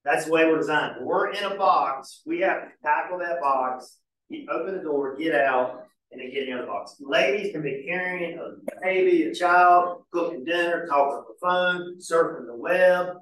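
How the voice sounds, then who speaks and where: A pastor teaching a marriage class in a casual, folksy way with homespun examples. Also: male voice, on the high side, normal speed, a bit bright. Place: church hall. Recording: very echoey church room, mic far off.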